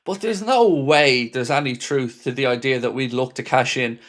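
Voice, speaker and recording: A man's voice: mid-range voice, normal speed, fairly bright tone. A man hosting a fan live stream, chatting casually, reading viewer comments out and answering each commenter by name.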